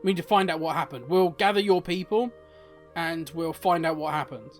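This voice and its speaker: A man doing a calm, steady orc leader. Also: on the high side, soft background music, close to an everyday voice. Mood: reassuring. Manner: measured, reassuring.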